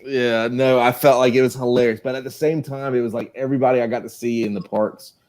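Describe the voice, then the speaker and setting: A man's voice: medium pitch, level tone, quick pace, a little mellow. A man with a Southern accent chatting casually on a livestream, rambling with lots of restarts and laughter. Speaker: co-host.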